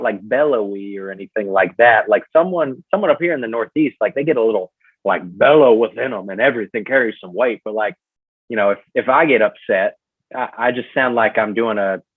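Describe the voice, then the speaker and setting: A man's voice: mid-range voice, husky, no room sound. A man with a Southern US accent, a podcast guest talking in a rambling, casual way full of fillers and restarts. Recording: tinny phone-like line, dry.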